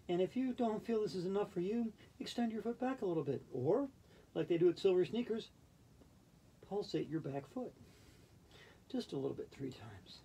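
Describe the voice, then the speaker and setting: A man leading a yoga routine in a gentle, playful, chatty way. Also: high voice, slight background noise. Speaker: yoga instructor. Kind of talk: guided yoga instruction.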